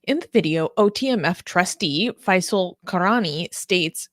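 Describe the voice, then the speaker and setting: A woman's voice: fairly low pitch, expressive, unhurried, hardly any pauses, dry recording, clean studio sound. A young woman co-hosting a news talk show in a casual, chatty way with many fillers.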